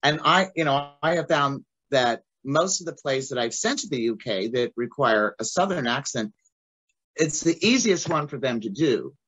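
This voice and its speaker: A woman's voice: extremely low pitch, normal speed, slightly rough, muffled recording. A woman, a playwright chatting in an interview and telling stories with a laugh. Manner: animated storytelling with frequent laughs. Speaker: playwright guest. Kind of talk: casual interview chat.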